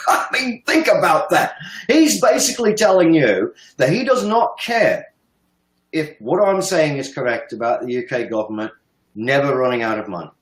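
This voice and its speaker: A man's voice: fairly high pitch, very animated, moderate pace. Man, 50s, heated political commentary, emphatic, swears, roomy echo. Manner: emphatic, swearing, laughs scornfully. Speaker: guest commentator.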